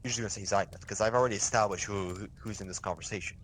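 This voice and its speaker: A man's voice: on the low side, steady tone, racing, fairly bright tone, a little hiss or hum. A young man running a casual milsim signals training, talking loosely and swearing, with many restarts. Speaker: milsim instructor.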